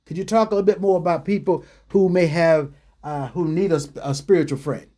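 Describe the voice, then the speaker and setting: Male radio host, fairly high voice for a man, storyteller who restarts his sentences, casual talk-show delivery. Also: steady tone, a little fast, dark tone. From New York City.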